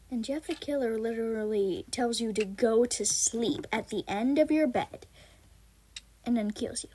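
A woman's voice: fairly high pitch, a little slow, warm tone, slightly rough. A young woman casually reading a comic aloud, giggling and doing the characters' voices.

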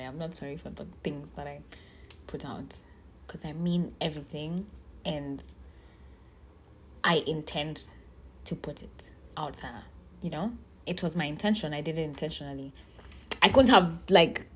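A woman's voice: deep voice, a little hiss or hum. A young woman hosting a casual solo podcast, chatting in a rambling way that keeps circling back on itself. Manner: chatty, rambling, self-interrupting. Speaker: podcast host.

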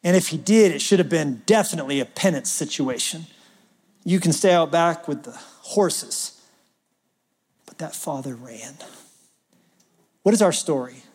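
A man preaching a sermon as pastor, talking like a conversation and swinging from loud emphasis to near-whispers. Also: a little high, animated, unhurried, long pauses, husky, long reverb tail.

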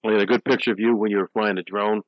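A man co-hosting a podcast, chatting quickly and filling in details of shared travel stories. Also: fairly low pitch, steady tone, no echo, highs cut off. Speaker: podcast co-host. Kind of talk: casual chat.

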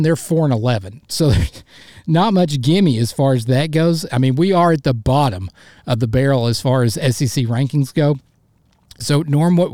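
A frustrated man hosts his own sports podcast, venting in a blunt, fired-up rant and hammering points home by repeating them. His voice sits a little high for a man, and the recording is close and dry with no room sound. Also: a little mellow, dry recording. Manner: blunt, repeats himself for emphasis. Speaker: podcast host. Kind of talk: solo sports podcast commentary.

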